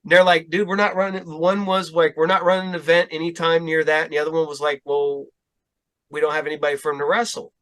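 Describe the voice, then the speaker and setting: Speaking quickly and with a flat delivery, a middle-aged man hosts a podcast and chats casually. His voice is fairly high and a bit bright as he rambles through a story, quoting himself and others.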